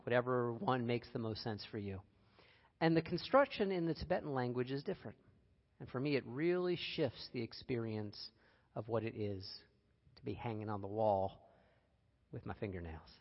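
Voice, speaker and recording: A man's voice: mid-range voice, normal speed. A man giving a conversational sermon, earnest and personal, with wry asides. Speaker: speaker giving a reflective talk. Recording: dull recording with long hall reverb.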